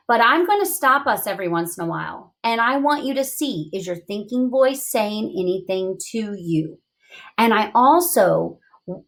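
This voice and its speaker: A woman teaching a reading lesson to young students, thinking aloud with big, expressive reactions to the text. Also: mid-range voice.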